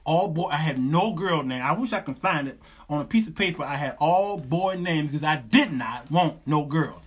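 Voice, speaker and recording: A middle-aged man hosting a talk show, giving sermon-like advice in an animated, joking, preacherly manner with lots of repetition. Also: fairly high pitch, normal speed, slightly rough.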